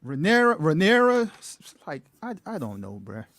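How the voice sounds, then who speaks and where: A man's voice: lowish voice, very animated, normal speed, vocal fry, darkish tone, husky, no room sound. A man joining a casual chat as a guest, talking hesitantly with frequent restarts.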